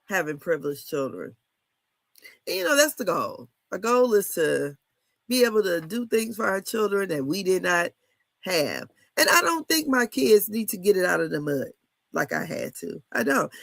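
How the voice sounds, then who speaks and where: A woman's voice: medium pitch, gravelly, fairly bright tone, no room sound. A woman in her fifties chatting casually about a reality show, candid and blunt, laughing often and cussing freely. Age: 50s. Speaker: reality TV commentator. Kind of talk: casual chat.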